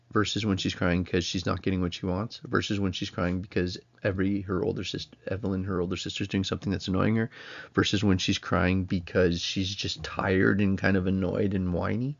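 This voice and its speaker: A low-pitched man in his thirties lecturing to a class, his voice gravelly with fry. He talks casually and rambles, often breaking off his own sentences. The recording sounds a little dull and lo-fi. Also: level tone, normal speed. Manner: casual, rambling, self-interrupting. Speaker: college instructor.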